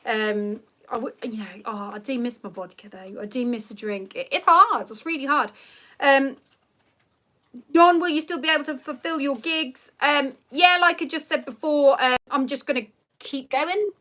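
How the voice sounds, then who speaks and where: A woman in her thirties hosts a casual livestream from home. Her voice sits high and sounds bright and crisp, and she talks in a chatty, rambling way full of ums and likes. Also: normal speed. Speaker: livestream host. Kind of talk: casual live chat reading comments.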